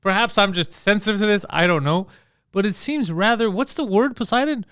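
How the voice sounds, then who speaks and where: High-voiced man joking on a podcast. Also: fairly quick, clean tone, no echo. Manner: joking, deadpan asides, laughs often. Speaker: podcast co-host. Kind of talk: casual comedy podcast banter.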